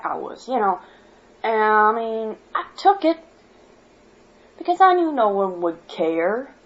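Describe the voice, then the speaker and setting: A woman from Michigan speaks straight to camera in an impassioned monologue, blunt and quick to swear. Her voice sits at an ordinary middle pitch for a woman. The recording is dull and lo-fi, like a cheap home setup. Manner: worked up, blunt, swears freely. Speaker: vlogger.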